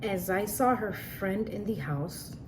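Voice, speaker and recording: A woman's voice: medium pitch, slow, noisy background. A woman telling a personal story in a casual, earnest way, often repeating herself and restarting sentences. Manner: repetitive, earnest, frequent restarts and "like".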